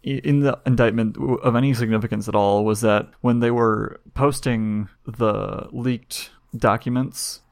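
A man co-hosting a casual tech podcast, talking about security in a dry, deadpan, bored way. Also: medium pitch, a little slow, gravelly, hardly any pauses, no echo. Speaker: podcast co-host, security guy.

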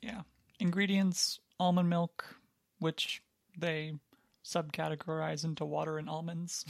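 Gravelly-voiced, rambling podcast co-host. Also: medium pitch, little pitch movement, unhurried, dry recording, studio quality. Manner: rambling, hedging, filler-heavy. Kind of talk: casual chat.

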